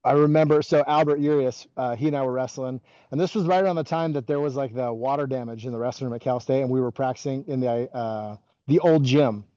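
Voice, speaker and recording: A man in his forties talks as a podcast guest, his voice mellow and relaxed as he rambles through stories with constant "like" and restarts. The recording is dry and a little dull, as if through modest gear. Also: mid-range voice, a little fast, no echo. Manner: rambling, heavy use of "like" and restarts. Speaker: podcast guest, former wrestling coach. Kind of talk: casual interview storytelling.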